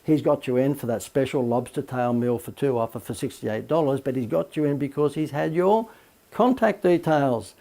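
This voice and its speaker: A man, a marketing coach, giving a recorded course lecture full of lively anecdotes and emphatic asides. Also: medium pitch, normal speed, creaky.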